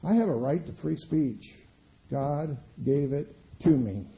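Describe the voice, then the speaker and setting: Impassioned preacher man with a dark voice. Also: animated, takes it slowly, gravelly, low-quality recording. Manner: impassioned, swings from loud emphatic declarations to low asides. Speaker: pastor. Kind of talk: sermon.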